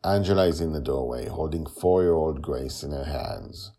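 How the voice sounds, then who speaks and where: Man reading as old grandfather narrator, fond, nasal from a cold, very deep, gravelly. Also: moderate pace, mellow, full character voice.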